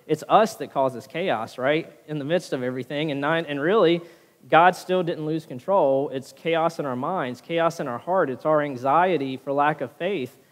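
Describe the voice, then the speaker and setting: Pastor delivering a sermon, a man with a fairly high voice, recorded in a reverberant church hall. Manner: preaching with frequent "right?" tag questions. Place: church sanctuary.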